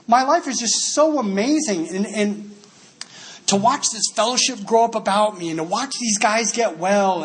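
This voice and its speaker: A man from Dallas, Texas, giving an animated, laughing recovery talk at a convention. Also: high-pitched, slight background noise. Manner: animated storytelling, laughs often. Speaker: AA speaker.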